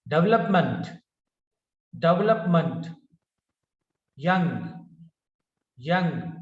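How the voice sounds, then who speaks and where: Guy teaching pronunciation, higher voice, slow word by word drill, dull lo-fi echoey recording. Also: expressive. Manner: repeats each word slowly, correcting common mistakes. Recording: roomy, distant, dull lo-fi sound.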